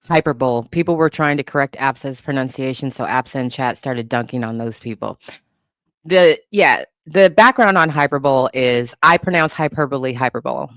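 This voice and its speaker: A woman's voice: low voice, a bit bright, dry recording, studio quality. A woman in her forties hosting a casual livestream chat, sassy and often laughing as she mocks critics. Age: 40s. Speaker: livestream host.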